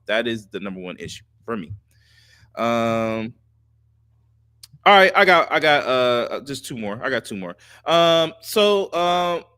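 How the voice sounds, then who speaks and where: Male podcast co-host, bright and forceful tone, dry sound, blunt and profane, repeats for emphasis. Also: mid-range voice, dry recording. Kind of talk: casual sports chat.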